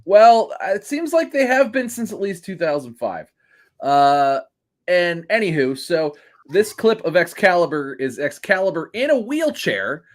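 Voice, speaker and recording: A man co-hosting a podcast in relaxed, joking chat. His voice sits a little high and swings widely in pitch. He laughs often and keeps the banter going. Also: a little slow. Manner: jokey, laughs often, chatty. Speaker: podcast co-host. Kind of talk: casual chat.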